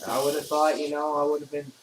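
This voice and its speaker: A man's voice: on the high side, flat delivery, fast talker, noisy background. A man reading a dating game aloud for a let's-play, casual and self-deprecating, stumbling over the text. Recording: roomy echoey room.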